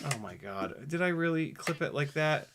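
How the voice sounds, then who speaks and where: A man vlogging as he flies a small drone, talking to himself in casual commentary with quick exclamations and the odd swear word. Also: fairly high pitch, expressive, background noise. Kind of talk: casual commentary while flying.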